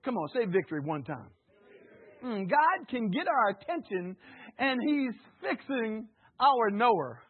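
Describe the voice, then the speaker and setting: A man's voice: extremely high pitch, sing-song, measured pace, breathy edge. A man, an associate pastor, preaching a sermon in a church, telling stories and calling out to the congregation. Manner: storytelling with call-and-response to the congregation. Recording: tinny phone-like sound.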